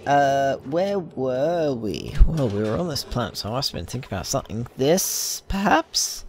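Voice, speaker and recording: A man's voice: mid-range voice, big pitch swings, moderate pace, a little mellow, a little hiss or hum. A man giving casual gameplay commentary, thinking aloud with lots of ums and side tangents. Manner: rambling, thinking aloud with many fillers. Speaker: gameplay video host.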